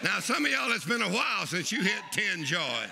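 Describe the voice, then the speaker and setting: A preacher, delivering an exuberant sermon and leading the congregation in laughter. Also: male voice, high voice, very animated, normal speed, vocal fry, bright, forceful tone, slight background noise. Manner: exuberant, leads the crowd in laughing. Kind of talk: lively sermon.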